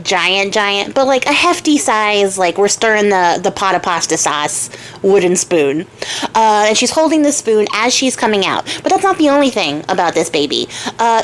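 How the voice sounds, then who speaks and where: A young woman casually retelling a fairy tale to her viewers, playful and chatty, laughing often. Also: a little high. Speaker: storyteller and crafter. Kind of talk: casual storytelling.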